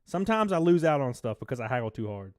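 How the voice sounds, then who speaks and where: A man live streaming, chatting casually, swearing, laughing often and reading chat aloud in a low-key mood. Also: sing-song, fast talker, no room sound, clean studio sound.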